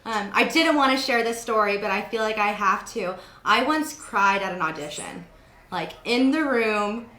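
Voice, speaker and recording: A woman's voice: mid-range voice, expressive, normal speed, sharp tone, reverberant. A young woman hosting an interview, chatting casually and telling stories with lots of fillers. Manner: chatty storytelling with many fillers. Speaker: host.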